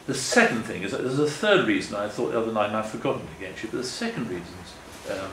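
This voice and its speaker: Older man, low voice, earnest rambling talk, echoey meeting hall, faint background noise. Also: lively intonation, quick pace, far from the mic. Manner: rambling, self-correcting, earnest. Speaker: guest speaker. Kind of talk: public talk with slides. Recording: echoey room, faint ambience.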